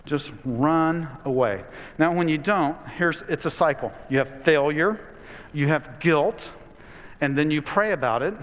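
High-voiced man preaching a sermon. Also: a little slow, a bit bright. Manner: storytelling, conversational with rising emphasis. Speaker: pastor. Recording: long hall reverb.

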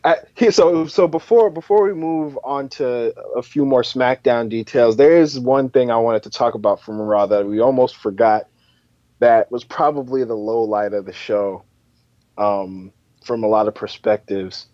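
A man co-hosting a casual wrestling podcast in a relaxed way, steering the talk from one topic to the next. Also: medium pitch, normal speed, no room sound. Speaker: podcast co-host. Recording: dull, muffled dry mic.

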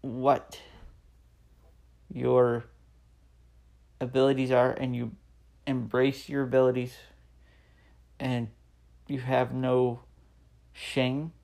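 A man's voice: medium pitch, level tone, extremely slow, gravelly, pauses often, darkish tone. A man in his thirties hosting a solo podcast, talking earnestly and encouraging listeners, repeating phrases for emphasis. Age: 30s. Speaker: podcast host. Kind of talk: solo motivational podcast talk.

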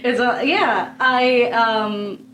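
A woman's voice: on the high side, drawn-out words, fairly bright tone, slight background noise. A woman hosting a podcast from a home basement, talking casually and laughing often between her phrases. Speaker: podcast host. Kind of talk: casual chat.

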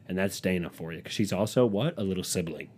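A man hosting a casual solo podcast rants profanely and sarcastically, mocking other people by quoting them. His low voice is fast and a little mellow, with a bit of hiss or hum in the audio.

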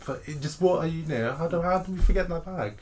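A man's voice: fairly high pitch, fast talker, a little hiss or hum. A young man co-hosting a podcast, bantering and joking in a laid-back way. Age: young adult. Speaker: podcast co-host. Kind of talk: casual chat.

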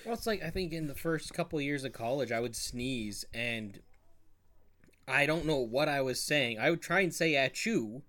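A man's voice: mid-range voice, animated, moderate pace, sharp tone. A man co-hosting a film podcast, asking questions and joking around. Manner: quizzical, joking. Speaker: podcast co-host. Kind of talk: casual chat.

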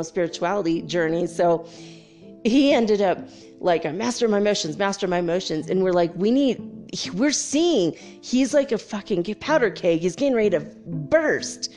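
A middle-aged woman telling a spiritual story in a candid, animated way, laughing often and acting out what others said. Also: mid-range voice. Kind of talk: casual spoken storytelling.

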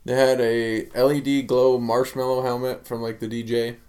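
A man's voice: mid-range voice, flat delivery, moderate pace, a little mellow. Laid-back podcast man, dry remarks. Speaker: podcast co-host. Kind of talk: casual chat.

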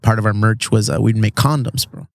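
A man's voice: on the low side, steady tone, fairly quick, vocal fry, no room sound, clean studio sound. A man in his thirties from San Diego, hosting a casual podcast outdoors, laid-back and full of swearing and "bro.". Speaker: podcast host. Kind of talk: casual chat. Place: outdoors in a backyard treehouse.

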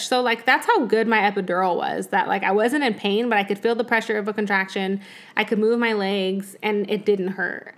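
A young woman casually telling a personal story in conversation, animated and laughing often. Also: mid-range voice, fairly quick.

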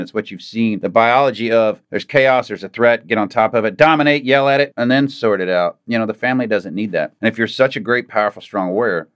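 A man's voice: on the low side, fairly bright tone. A middle-aged man speaking as a podcast guest, blunt and plain-spoken, earnest and direct in a candid conversation. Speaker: guest, combat veteran.

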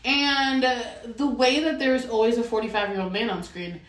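A woman's voice: a little high, normal speed. Woman gabbing on a podcast, lots of likes and swearing, echoey room, kinda far from the mic. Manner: animated, swears, many "like" fillers. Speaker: podcast co-host. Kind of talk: casual chat. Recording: roomy echo, a bit far from the mic.

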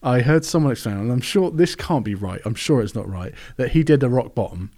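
A man's voice: medium pitch, expressive, a little fast, dark tone. A man in his thirties, co-hosting a casual film chat, easygoing and recounting scenes with casual swearing. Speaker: podcast co-host.

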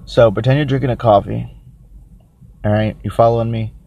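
A man hosting a casual solo podcast who rambles, thinks out loud and makes crude, self-mocking jokes while reviewing a drink. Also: mid-range voice, steady tone, fairly quick, vocal fry, lo-fi sound. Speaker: podcast host.

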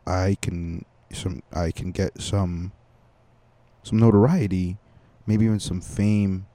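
A man's voice: low voice, steady tone, slow pace, dark tone, dry recording. A young man hosting a comedy podcast, rambling crudely in a casual monologue with many fillers and restarts.

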